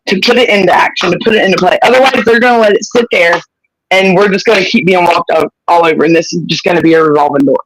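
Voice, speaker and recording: A livestream host rants with passion and bluntness, swearing freely. His male voice is high and a little bright, captured dry with no room sound on a rough recording.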